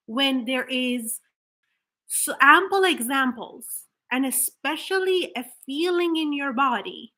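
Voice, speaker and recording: A woman manifestation coach giving an earnest motivational talk to camera, explaining with rhetorical questions and restarts. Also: high-pitched. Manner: acts out flat, hollow example affirmations.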